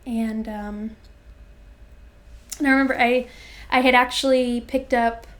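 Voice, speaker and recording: A young woman in her twenties with a fairly high voice tells a personal story in an interview. She speaks reflectively and haltingly, pausing on fillers and restarting her sentences as she thinks. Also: steady tone. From Florida, USA. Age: 20s.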